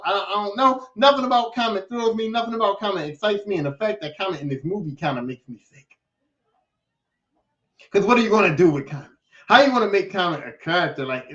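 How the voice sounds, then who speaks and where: A man hosting a podcast, ranting in a casual, animated monologue that is full of swearing and repeated phrases. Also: sits high. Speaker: podcast host. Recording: echoey, distant, dull lo-fi.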